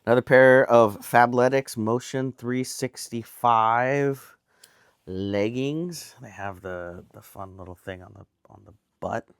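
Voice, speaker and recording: A man's voice: mid-range voice, slow, clean tone, no echo, studio quality. A man with an American accent talking casually at home as he shows off his yard sale finds, rambling and amused at himself. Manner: chatty, rambling, self-amused. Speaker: reseller showing a haul. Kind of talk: casual vlog talk. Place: home indoors.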